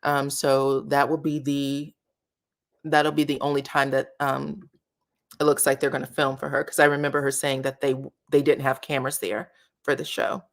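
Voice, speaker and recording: Low-voiced woman chatting commentary. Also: little pitch movement, normal speed. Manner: chatty, reads viewer comments aloud. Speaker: commentary channel host. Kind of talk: casual reality-show commentary.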